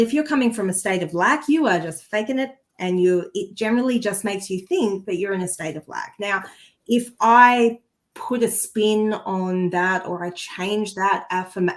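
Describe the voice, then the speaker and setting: A woman's voice: mid-range voice, normal speed. A woman in casual podcast conversation, speaking in an earnest, heartfelt coaching tone. Her voice sits in an ordinary middle register, and she often breaks off and restarts a sentence while reaching for the right words. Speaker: co-host and energy healer.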